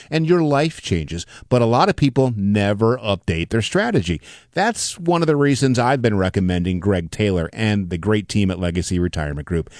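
A man with a lowish voice reads a radio endorsement in an earnest, straight-talking way. The sound is dry and close to the mic. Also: darkish tone, no room sound. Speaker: ad spokesman.

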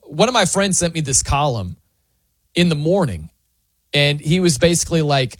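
A man's voice: on the high side, moderate pace, no echo. A man hosting a sports talk show, giving an opinionated monologue with a mocking, incredulous tone. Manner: incredulous, mocking, animated reading. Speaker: sports commentary host.

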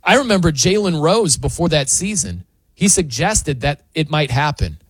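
Male sports opinion host, incredulous and animated, lively pitch, dry close sound. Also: moderate pace, slightly rough, no echo.

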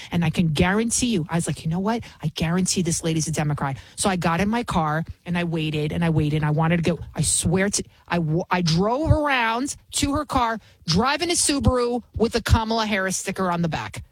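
Woman, 40s, talk radio host, heated ranting monologue, breathy tone, dry studio mic. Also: lowish voice, expressive, a little fast, few pauses, dry recording, rough recording.

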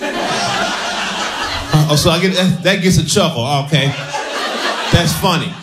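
A male stand-up comedian delivering deadpan puns and talking back to the audience. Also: fairly high pitch, slow pace, noisy background. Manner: deadpan, pun-driven, chats with the audience. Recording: roomy club mic with loud crowd.

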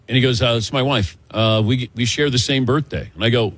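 Man, sports radio host, casual banter, animated storytelling, slightly husky, dry studio sound. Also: mid-range voice, fast talker, few pauses, no echo. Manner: lively storytelling, acts out voices.

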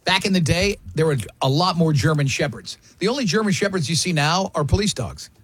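A man's voice: a little high, animated, a little fast, fairly bright tone. A man hosting a radio talk show, chatting casually in an emphatic, opinionated way with plenty of restarts. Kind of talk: casual morning-show banter.

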